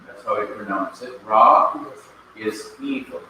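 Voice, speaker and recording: Male instructor from Jamaica, deliberate lecture pace, faint background hiss. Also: mid-range voice, a bit bright. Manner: slow, patient, repeats key points. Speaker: Bible language teacher. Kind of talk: classroom lecture. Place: classroom. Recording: echoey classroom, mic at a distance.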